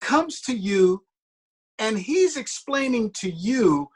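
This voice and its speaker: A male interview host with a husky voice that swings widely in pitch. He jumps in eagerly, sums up the guest's story and presses for detail in a casual, enthusiastic way. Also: sing-song, slow pace.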